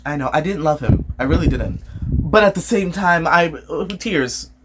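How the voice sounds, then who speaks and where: A vlogger voicing a widow who pretends to grieve, in a hushed, mock-mournful tone. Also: mid-range voice, expressive, moderate pace, background noise, natural voice.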